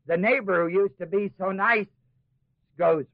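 This dry, tinny old-tape recording captures a man whose voice sits high, speaking at a measured pace. He teaches a Bible class like a sermon, voicing doubters in asides before driving his points home with mounting emphasis.

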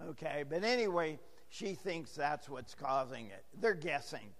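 A hoarse, gravelly-voiced man preaching a verse-by-verse sermon as pastor, chatting with jokes to the congregation in a church. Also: a little high, very animated, measured pace, a bit bright, long reverb tail. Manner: chatty, joking asides to the congregation. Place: church sanctuary.

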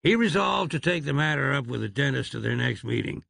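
A man's voice: mid-range voice, expressive, fairly quick, gravelly, fairly bright tone, dry recording. A man narrating an audiobook in a wry, dryly amused manner.

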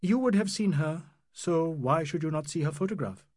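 A man's voice: a little high, moderate pace, a little mellow, no echo, studio quality, voice pushed up, close to an everyday voice. A man reading an audiobook, voicing a proud, emotional young Indian doctor who turns from sardonic to earnest. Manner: sardonic, then earnest and pleading.

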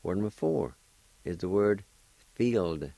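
An older man with a Cherokee-speaking Oklahoma accent teaches a language lesson on radio. His voice sits very low and unhurried, and he spells and repeats each word with patient care. The sound is dry and close. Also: lively intonation, gravelly, dark tone, no echo.

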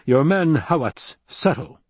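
A man's voice: fairly high pitch, very animated, unhurried, a little mellow, husky, no room sound, voice pushed up, heavily acted. A man voicing Kynes, a curt, guarded planetologist. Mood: stiff, guarded. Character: stiff guarded male desert planetologist. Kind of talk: audiobook character reading.

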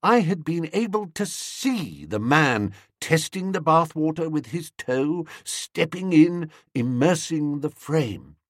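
A man reading a comic novel aloud in a wry, animated storytelling manner. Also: on the high side, takes it slowly, few pauses, no room sound, clean studio sound. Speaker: audiobook narrator. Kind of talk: scripted comic novel narration.

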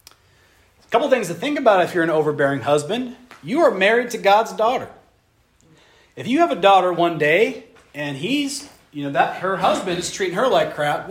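A young man preaching a sermon on marriage to a live audience, animated and conversational, acting out little voices as he goes. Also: sits high, moderate pace. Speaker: pastor.

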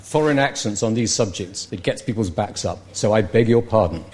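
A man's voice: fairly low pitch, animated, noisy background. Wry British man giving a debate speech. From Britain. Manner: wry, measured, with frequent ums and uhs.

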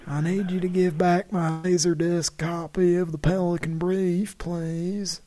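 A man hosting a live prank call stream, speaking in a deadpan, mock-businesslike way. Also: high-pitched, unhurried, a little hiss or hum. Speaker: prank caller and stream host.

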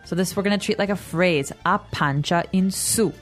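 A young American woman co-hosting a language podcast, explaining patiently in a relaxed, upbeat chat and laughing easily. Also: lowish voice, normal speed, soft background music. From United States. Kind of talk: casual teaching chat.

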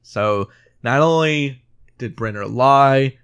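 A man's voice: medium pitch, slow, fairly bright tone, clear, resonant tone, dry recording, muffled recording. A man co-hosting a casual movie review podcast, emotional and teary, retelling scenes and acting out the characters' lines, swearing freely. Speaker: podcast co-host.

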